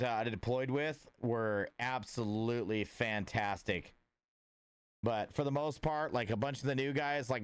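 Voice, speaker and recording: A man's voice: lowish voice, smooth, dry recording. A man chatting casually with viewers on a livestream, rambling with lots of filler words and greeting people by name. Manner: laid-back and friendly, greeting viewers by name.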